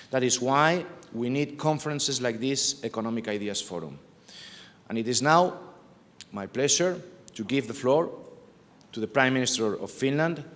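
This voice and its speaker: A man from Spain, giving a formal, measured political speech at a conference. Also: medium pitch, a bit bright. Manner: measured, deliberate, emphatic. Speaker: party official giving an opening address. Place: conference hall. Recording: long reverb of a large hall.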